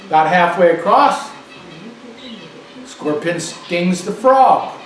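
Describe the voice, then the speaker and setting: High-voiced man ranting in an echoey room. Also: expressive, slow pace, fairly bright tone. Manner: emphatic, repeats phrases for stress. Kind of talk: political monologue. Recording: echoey room, distant mic, faint noise.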